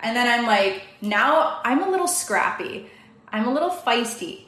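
A young woman from Canada, a guest telling a story in a casual, animated way, quick and full of "like" fillers. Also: a little high. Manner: fast, animated, many "like" fillers. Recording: echoey room.

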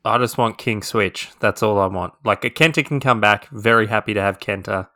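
A man co-hosting a casual podcast, talking in halting bursts that often restart mid-phrase. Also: on the low side, sharp tone, no room sound, clean studio sound. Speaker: podcast co-host. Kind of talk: casual wrestling podcast chat.

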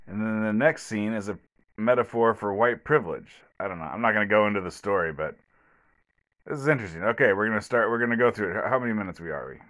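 Rambling low-voiced man podcasting alone. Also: fairly bright tone. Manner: rambling, with many fillers and restarts; blunt, sarcastic commentary. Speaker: podcast host. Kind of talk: solo podcast review. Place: at home, alone.

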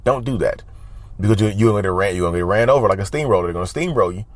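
A man's voice: lowish voice, very fast. A man talking casually to his viewers, giving advice in an emphatic, repetitive way and often calling them y'all. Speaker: advice vlogger. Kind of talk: casual talk to camera.

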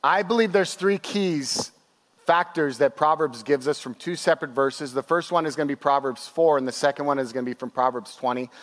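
A young man preaching a sermon to his church, telling stories with animated, acted-out quotes. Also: mid-range voice. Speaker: pastor. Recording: long hall reverb.

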